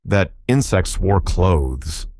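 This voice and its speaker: A man's voice: low-pitched, very animated, slow pace, darkish tone, slight background noise, exaggerated voice. Brief: a plain-spoken, curious boy in a storybook, read by a man. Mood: earnest.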